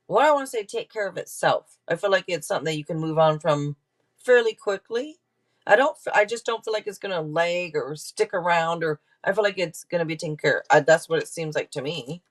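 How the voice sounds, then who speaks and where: A woman hosting a tarot live stream, talking casually with viewers, thanking donors and restarting her sentences as she goes. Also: on the low side. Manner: chatty, thanks donors and checks in with chat, trails off and restarts. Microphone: camera mic.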